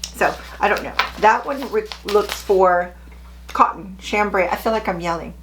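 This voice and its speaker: A middle-aged woman talks casually to her camera as a sewing vlogger, chirpy and a little self-deprecating. A faint hum sits quietly behind her voice. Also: mid-range voice, a little slow.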